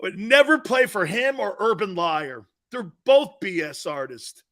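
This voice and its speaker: A man's voice: high-pitched, lively intonation, measured pace, a bit bright. A man from Connecticut hosting a sports talk show, blunt and mocking as he reads viewer comments and rants.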